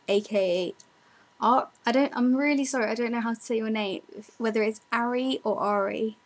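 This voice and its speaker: A woman's voice: a little high, poor audio. Chatty young woman vlogger. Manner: chatty, self-deprecating, many ums and likes. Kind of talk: casual chat answering viewer questions.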